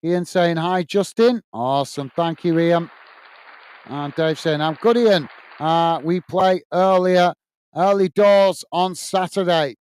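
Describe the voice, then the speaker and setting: A man's voice: high voice, takes it slowly, a little mellow, clean tone, dry recording, clean studio sound. Chatty man hosting a match stream. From United Kingdom. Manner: chatty, reads out viewer messages, calls play-by-play. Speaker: watch-along host. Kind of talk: casual live commentary and chat reading.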